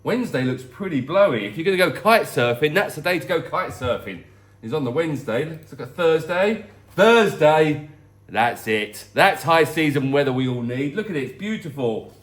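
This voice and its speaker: Chatty middle-aged guy doing a weather vlog, kinda high voice, jokes around a lot. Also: lively intonation, moderate pace. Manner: jokey, rambling, teasing. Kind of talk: casual chatty weather update.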